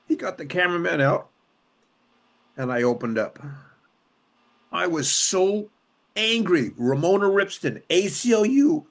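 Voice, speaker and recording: A man's voice: high voice, very animated, unhurried, creaky, long pauses. An older man from Los Angeles, a former police officer and city councilman, telling his story with emphatic repetition and strong emotion. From Los Angeles, USA. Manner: emotional retelling, voice rising and dropping sharply. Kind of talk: conversational storytelling.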